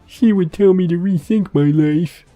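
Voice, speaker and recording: A wild teenage boy who shrieks everything in a shrill, yelling voice. The voice leaps high above the speaker's own, over faint background music. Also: a little slow, highs cut off. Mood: shrieking.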